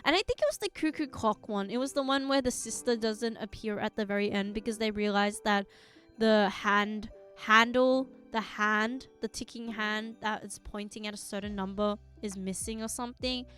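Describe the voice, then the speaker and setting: A woman's voice: medium pitch, normal speed, fairly bright tone, soft background music. A young woman streaming live, chatting casually to her viewers in a rambling way and giggling often.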